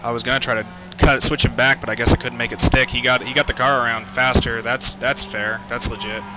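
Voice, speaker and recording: A man commentating his own sim race, swearing and yelling at other drivers, his heart racing. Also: medium pitch, flat delivery, brisk. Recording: game music underneath. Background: game music and engine noise.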